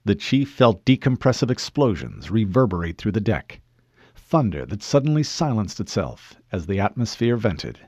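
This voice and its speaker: A man narrating an audiobook in a measured, expressive storytelling manner. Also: on the low side, breathy edge, no echo, lo-fi sound.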